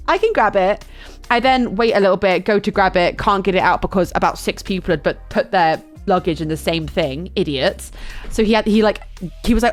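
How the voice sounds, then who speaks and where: Animated young woman telling a travel story. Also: mid-range voice, a little fast, faint music behind. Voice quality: animated, lots of fillers. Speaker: streamer. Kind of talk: casual storytime chat.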